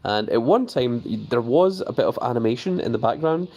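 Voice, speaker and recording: A chatty male streamer in a relaxed, unscripted live broadcast. He has a middle-of-the-road pitch, talks through what he shows on screen, reads chat messages aloud and answers them, and his voice jumps up when he greets someone. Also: a little fast, lo-fi sound. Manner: easily excited, voice jumps up on greetings. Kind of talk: casual live-stream commentary.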